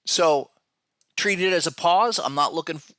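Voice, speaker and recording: Bright, dry-sounding man. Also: fairly high pitch, moderate pace, dry recording. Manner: conversational, repeats words, talks to viewers directly. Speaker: podcast host and trading analyst. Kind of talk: casual market analysis commentary.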